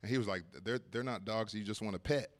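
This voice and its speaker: A man's voice: fairly low pitch, fast talker. A man preaching at a church service, telling a personal story in a casual way, laughing often and repeating words as he goes.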